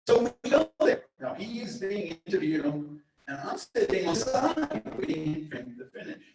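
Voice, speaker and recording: Male lecturer, fairly high voice, lively and rambling storyteller; very echoey room, mic far away. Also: moderate pace. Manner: animated, digressive storyteller. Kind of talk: informal lecture with anecdotes.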